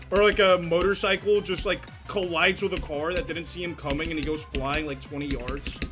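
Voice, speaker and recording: A young man casually chatting while livestreaming a game, rambling in slang and swearing freely. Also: fairly high pitch. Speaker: game streamer.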